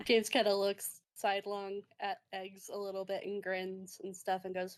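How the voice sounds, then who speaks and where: A woman's voice: medium pitch, completely flat delivery, moderate pace, few pauses. A woman narrating as game master in a rambling way, with many fillers.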